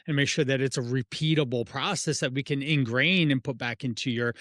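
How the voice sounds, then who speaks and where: A man's voice: medium pitch, a little fast, fairly bright tone, no room sound, studio quality. A middle-aged man, a fitness and nutrition coach, talking casually on a podcast, rambling through analogies and rhetorical questions. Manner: rambling, restarts phrases, uses analogies and asks rhetorical questions.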